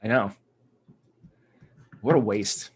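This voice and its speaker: A man's voice: fairly low pitch, slow pace, noisy background. A man co-hosting a podcast in casual chat, playfully riffing on jokes and pop culture. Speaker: podcast co-host.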